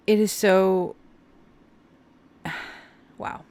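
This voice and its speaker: A woman doing a casual tarot reading for her viewers, speaking slowly and taking her time. Her voice sits a little low. She sounds heartfelt and openly emotional as she addresses them directly. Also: fairly even intonation. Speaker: tarot reader.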